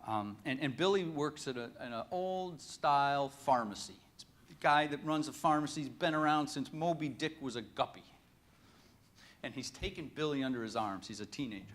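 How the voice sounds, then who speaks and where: A man giving a lively storytelling talk at a conference, folksy and joking. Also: mid-range voice. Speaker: conference speaker.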